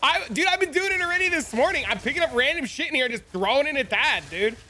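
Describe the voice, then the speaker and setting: Male streamer, casual profane banter, high bright voice. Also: animated, fast talker. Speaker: game streamer. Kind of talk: casual live-stream chat.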